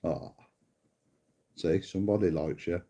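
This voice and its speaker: A man's voice: low voice, unhurried, mellow, husky. A middle-aged man hosting a livestream, casually bickering and swearing at a viewer, calling him mate. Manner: bickering, sweary, mocking, calls people mate. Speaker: livestream host.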